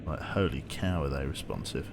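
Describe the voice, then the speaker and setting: A man's voice: a bass voice, expressive, normal speed, gravelly, very noisy. An English man streaming a train simulator game, joking dryly and reading viewer chat aloud. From England. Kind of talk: casual live-stream chat.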